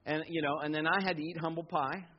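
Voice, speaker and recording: A middle-aged man pastor preaching a sermon, telling personal stories with animated asides and quoted voices. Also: a little high, quick pace, a little hiss or hum. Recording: dull lo-fi sound.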